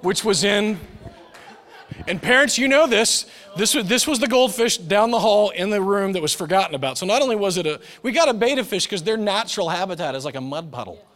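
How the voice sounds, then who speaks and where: Pastor in his forties, preaching with a lively, joking storyteller's touch; voice sits a bit high and rings out in a reverberant church hall. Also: fast, hardly any pauses. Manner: storytelling with humor, acts out quoted voices. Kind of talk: sermon. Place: church sanctuary.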